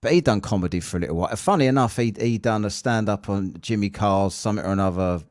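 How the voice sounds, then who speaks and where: A man's voice: on the low side, fast, dry recording, studio quality. A British man hosting a podcast, chatting casually, telling stories and swearing freely with a jokey manner. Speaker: podcast host.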